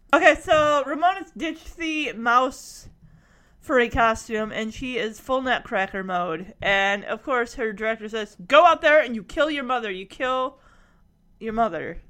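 High-voiced woman recapping a show. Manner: animated, laughs often.

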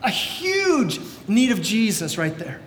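A man preaching a sermon as pastor, telling the story in a lively way and acting out voices, sometimes shouting. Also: takes it slowly. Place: church sanctuary. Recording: echoey church hall with faint rumble.

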